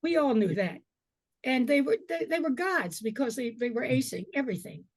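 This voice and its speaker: An older woman telling lively stories as an alumna panelist on a video call. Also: high-pitched, moderate pace, dry recording. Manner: lively, animated storyteller.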